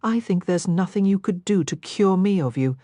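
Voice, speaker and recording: A gently teasing Scottish man with a soft burr, as a woman narrator puts him on, his voice pitched low for her. The storybook lover's lines swing with a lively lilt and sit close and dry with no room around them. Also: moderate pace, no echo, close to an everyday voice. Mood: tender. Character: Scottish male whisky distiller, teasing lover.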